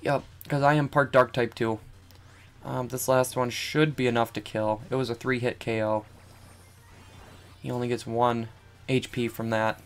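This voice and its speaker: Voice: mid-range voice, flat delivery, moderate pace, pauses often, soft background music. A young adult streamer giving casual, rambling commentary while playing a game, often breaking into giggles. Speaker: let's play streamer.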